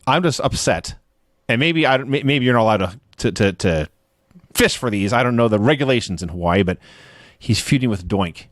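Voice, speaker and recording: A man's voice: medium pitch, lively intonation, moderate pace, dry recording, clean studio sound. A man co-hosting a podcast, chatting casually and rambling with restarts and chuckles. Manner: rambling, restarts, chuckles at his own jokes. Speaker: podcast co-host reviewing wrestling shows. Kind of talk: casual chat.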